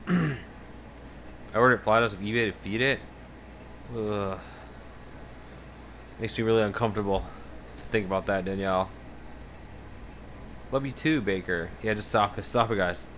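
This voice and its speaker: A man's voice: on the low side, unhurried, pauses often, slight background noise. A man livestreaming casually, rambling and swearing as he reads out viewer messages. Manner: rambling, profane, animated about fears. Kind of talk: casual live-stream chat, reading out viewer messages.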